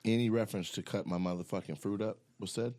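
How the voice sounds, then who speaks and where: A man's voice: fairly low pitch, fairly even intonation, quick pace, dark tone. A man in a casual chat asking dry, teasing questions.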